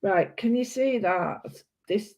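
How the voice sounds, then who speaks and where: A woman's voice: mid-range voice, slow, a little mellow. A British woman chatting casually and rambling while she colours, often correcting herself. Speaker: art vlogger. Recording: dull lo-fi sound.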